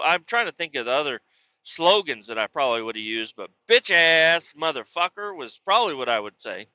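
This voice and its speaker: A man's voice: on the high side, moderate pace, dry recording. A man hosting a podcast, telling a rambling personal story in a casual, profane way. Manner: profane, rambling, animated when quoting. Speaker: podcast host. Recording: dull lo-fi recording.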